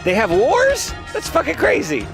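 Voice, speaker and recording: Excitable, foul-mouthed male podcast host. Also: very high voice, moderate pace, gravelly, over music. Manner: excitable, profane, rambling and self-amused. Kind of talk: casual comedic chat.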